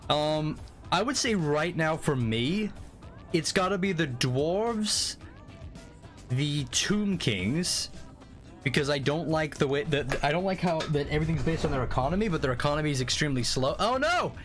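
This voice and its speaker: A man streaming a game, chatting casually with viewers in an excitable, profane, rambling way. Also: a little high, moderate pace. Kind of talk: casual live-stream chat. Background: faint music.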